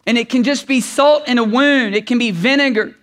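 High-voiced man preaching a sermon. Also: fairly quick. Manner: swings from shouting to hushed, intimate delivery. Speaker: pastor.

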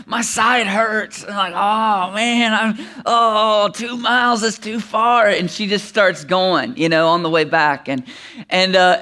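Man, middle-aged, pastor, sermon, high voice, bright tone, storytelling to emphatic preaching.

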